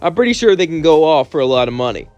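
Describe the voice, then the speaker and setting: A man's voice: on the high side, sing-song, quick pace, a little mellow, clean tone, muffled recording, soft background music. A man doing a dismissive old mad scientist. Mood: scheming. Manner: burps, brushes others off. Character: cranky old genius grandpa scientist, dismissive.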